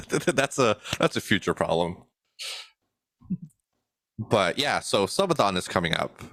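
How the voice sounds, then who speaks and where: A young man co-hosting a podcast in a relaxed, chuckling chat full of fillers. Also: lowish voice, slow, gravelly, no room sound. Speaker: podcast co-host and editor.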